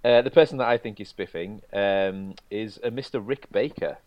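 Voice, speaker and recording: A man co-hosting a podcast, chatting in a halting, easygoing way. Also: on the low side, no room sound, muffled recording. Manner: chatty, halting, laughs easily. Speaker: podcast co-host. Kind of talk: casual chat.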